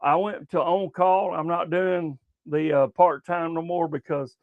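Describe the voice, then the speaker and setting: A man's voice: fairly high pitch, steady tone, unhurried, no room sound, phone-quality sound. An older man, hosting a casual sports talk show, rambling with lots of profanity and stumbling restarts.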